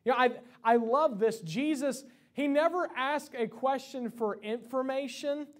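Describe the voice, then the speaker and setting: A man's voice: extremely high pitch, measured pace. A young adult man preaching a church sermon, impassioned, with many restarts and repeated words. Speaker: pastor. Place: church sanctuary.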